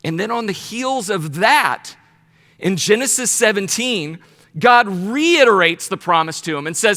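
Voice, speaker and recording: A man leads a Bible study in a casual, storytelling sermon, full of lively asides and playful voices. His voice sits high and bright. Long reverb from the hall trails behind each phrase. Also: measured pace. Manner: animated storyteller, slips into playful paraphrased voices.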